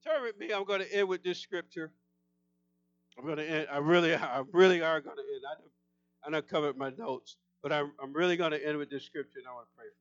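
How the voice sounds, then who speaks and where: A man preaching a sermon, shouting with intensity at times and then talking calmly and confrontationally. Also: fairly high pitch, fast, no room sound, muffled recording. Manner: intense, shouting preaching that drops to calm talk.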